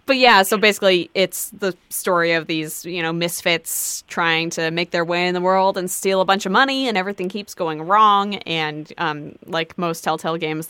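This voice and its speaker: Bright-voiced woman chatting animatedly. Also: fairly low pitch, no room sound. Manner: animated, quick bursts, laughs often. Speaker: podcast panelist. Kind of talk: casual chat.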